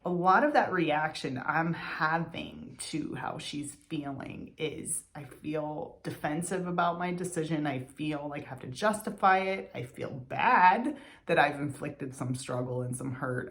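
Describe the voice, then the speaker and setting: Lowish voiced woman in her 40s, thinking out loud, reflective vlog, sighs a bit. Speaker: vlogger. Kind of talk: reflective personal monologue.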